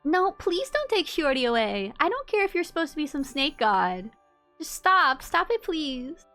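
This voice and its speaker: A woman's voice: high-pitched, very animated, moderate pace, bright, forceful tone, faint music behind, voice pushed up, heavily acted. A woman reading a desperate pleading young man.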